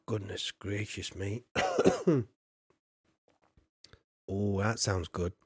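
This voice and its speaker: A man's voice: on the low side, drawn-out words, long pauses, slightly rough, dry recording. Chatty man streaming games. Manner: chatty, rambling, laughs often. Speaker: game streamer. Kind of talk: casual live-stream chat.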